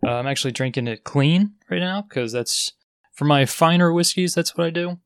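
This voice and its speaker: A man's voice: fairly high pitch, moderate pace, clean tone, dry recording, clean studio sound. A man co-hosting a casual podcast, rambling and laughing easily. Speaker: podcast co-host.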